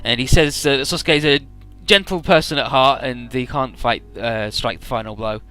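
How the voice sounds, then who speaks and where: A man's voice: mid-range voice, normal speed, sharp tone, clear, resonant tone, faint music behind. A man casually retelling a game's story, quoting the characters in his own voice, laid-back and swearing freely. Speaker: let's player summarizing a game story.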